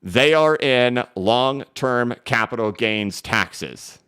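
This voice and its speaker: This man speaks with a clear, resonant, medium-pitched voice as host of a crypto market live stream. Talking fast and with real energy and emphasis, he reviews charts and reads viewers' questions.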